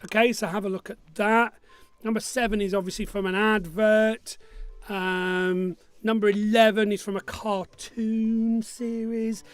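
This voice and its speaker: A man's voice: sits high, little pitch movement, unhurried, clear, resonant tone, no room sound. A man from Burnley, hosting an online pub quiz in a chatty, joking way and reading out viewer messages. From Burnley, Lancashire, England. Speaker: quiz host. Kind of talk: live-streamed pub quiz chat.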